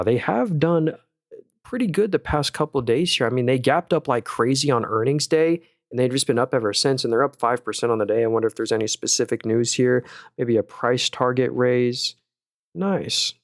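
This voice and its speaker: A man's voice: medium pitch, no echo, clean studio sound. A young man chatting casually on a livestream at home, rambling and thinking aloud as he reads viewers' chat. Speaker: livestream stock analyst.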